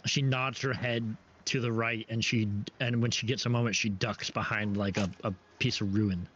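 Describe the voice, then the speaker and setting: A man's voice: medium pitch, level tone, moderate pace, fairly bright tone, slight background noise. A man narrating as game master for a tabletop game, hesitant with many fillers and restarts. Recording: dull lo-fi stream audio with faint ambience.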